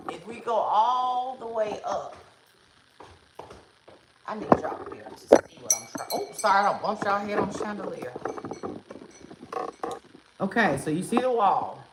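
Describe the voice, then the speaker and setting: A woman hosting a casual livestream from her family room, talking straight to viewers on a phone camera she carries around the room. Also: fairly low pitch. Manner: animated, chatty, talks straight to viewers. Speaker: livestream host. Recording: echoey room with some noise.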